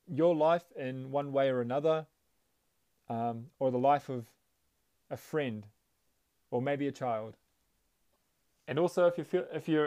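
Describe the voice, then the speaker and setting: A man hosting his own storytelling podcast, talking slowly and earnestly to his listeners. He keeps a friendly, casual tone with the odd filler as he tells a short tale. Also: fairly high pitch, warm tone, clear, resonant tone.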